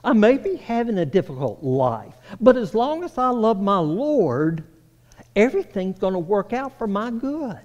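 A man preaching a sermon, swinging between raised, emphatic lines and hushed, low passages. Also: big pitch swings, a little slow, muffled recording. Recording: long reverb of a hall.

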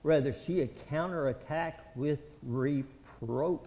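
A man preaching an impassioned, pleading sermon, with a high voice and slow, deliberate delivery. He swings between loud outcries and hushed, low passages. The sound is dull and lo-fi, with long reverb from a church hall.

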